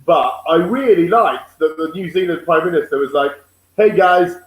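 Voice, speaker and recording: Joking comedian on an echoey call. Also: male voice, a little high, normal speed. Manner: joking, animated, rambling. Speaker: comedian co-host. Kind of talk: casual chat. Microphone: video call.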